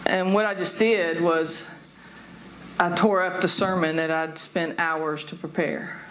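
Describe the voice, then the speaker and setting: In a church sanctuary, a woman pastor delivers an informal, chatty sermon from the pulpit, poking fun at herself and laughing often. Her fairly low, fairly bright voice stays fairly even and a little slow, with slight background noise.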